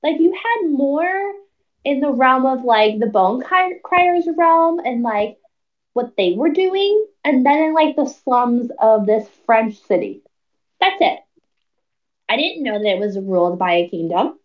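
A woman chatting casually about a book on a podcast, animated and quick to laugh. Her voice sits fairly high. She sounds a bit distant from the mic, with a dull, lo-fi tone. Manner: animated, laughs often, acts out characters' lines. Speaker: podcast co-host. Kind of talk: casual book review chat.

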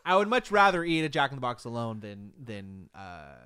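A man's voice: medium pitch, sing-song, normal speed, sharp tone. A man co-hosting a podcast, talking casually and self-deprecatingly, laughing often. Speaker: podcast co-host. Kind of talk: casual chat.

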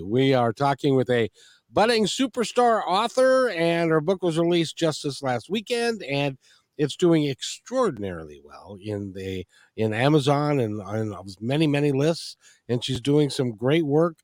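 A man's voice: on the high side, very animated, a little slow, dry recording. Guy hosting a radio talk show, rambly, voice swings up and down a lot, dry sound. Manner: rambling, with many restarts and fillers. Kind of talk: casual interview.

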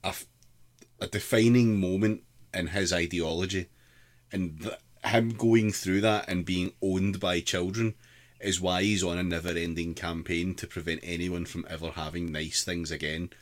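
A man talking in quick, sardonic bursts in casual banter. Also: low-pitched, fairly even intonation.

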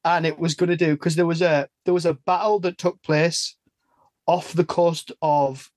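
A man's voice: on the high side, steady tone, normal speed, darkish tone, dry recording. An English man in casual podcast chat, rambling and cutting himself off mid-sentence. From England. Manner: chatty, rambling, self-interrupting. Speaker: podcast host.

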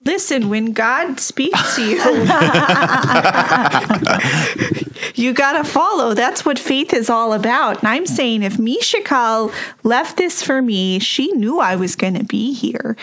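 A woman with a somewhat high voice plays a tabletop game with friends. She talks in a bubbly, eager and chatty way. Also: very animated, slow, a bit bright. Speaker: player. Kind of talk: casual game play chat.

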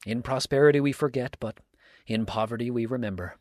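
A man's voice: mid-range voice, fairly quick, a little mellow, no echo, studio quality, lightly acted. A man reading aloud, voicing an anguished, disgraced sheriff who speaks in emotional outbursts. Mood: distressed.

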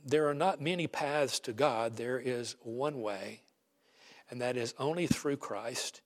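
A man's voice: medium pitch, measured pace. A man preaching an emphatic sermon as pastor, ending by leading a prayer. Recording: long reverb of a large hall.

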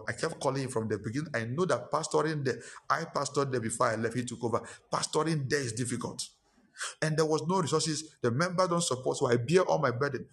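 Pastor, male, middle-aged, Ghanaian English accent; emphatic preaching with repeated phrases and climbing pitch. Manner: emphatic, repetitive preaching that rises in pitch and force. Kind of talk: sermon.

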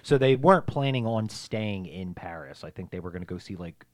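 Man, podcast co-host, quick rambling chat, fillers and swearing, dry recording. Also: low voice, animated, no echo. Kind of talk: casual movie recap chat.

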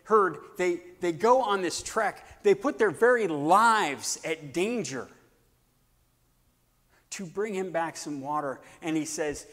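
A male preacher retells a story with lively, acted-out energy, dropping to hushed tones and rising again. His slightly high voice carries long reverb from a large hall. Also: takes it slowly. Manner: animated, acts out scenes, swings between shouting and hushed tones. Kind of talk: sermon storytelling.

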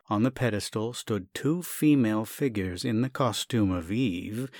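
A man narrating a classic short story in a measured, expressive reading. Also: on the low side, no echo, studio quality. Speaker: story reader. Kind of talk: scripted narration.

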